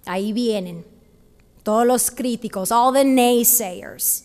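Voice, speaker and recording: A young Texan woman delivers a passionate, emphatic commencement speech from a podium in a large venue. Her voice is a little high and a little mellow, and she speaks unhurriedly. Long hall reverb fills the recording.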